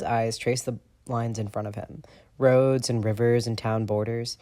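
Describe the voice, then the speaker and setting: A man narrating a fan fiction audiobook in an expressive, steady storytelling voice. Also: medium pitch, unhurried. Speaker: audiobook reader.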